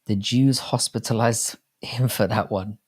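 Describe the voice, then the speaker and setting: A man's voice: fairly low pitch, steady tone, measured pace, a little mellow, breathy edge. A young man hosting a casual live chat, reading viewer comments aloud, over-enunciating his words and swearing freely in crude banter. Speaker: livestream host.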